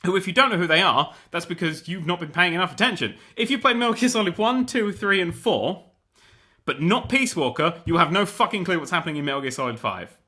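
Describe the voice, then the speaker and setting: A young man hosting a gaming show, ranting in a casual, animated, sweary, exasperated way. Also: sits high, fairly quick. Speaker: gaming host. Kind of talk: casual rant about a video game.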